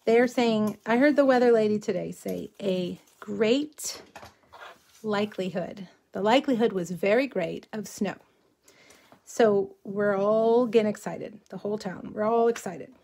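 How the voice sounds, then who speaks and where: A woman's voice: mid-range voice, moderate pace, gravelly, darkish tone. A middle-aged woman from South Texas with a drawl, chatting casually and rambling as she hosts a crafting livestream and reads out viewer comments.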